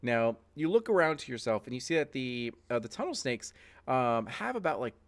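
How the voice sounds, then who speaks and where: A man's voice: medium pitch, big pitch swings, fairly quick. A man narrating as game master of a tabletop game, loose and chatty with many fillers.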